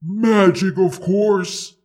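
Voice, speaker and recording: A woman voicing a huge, proud, possessive dragon who speaks slowly and scornfully in an audio story. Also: a little mellow. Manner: slow, booming, scornful.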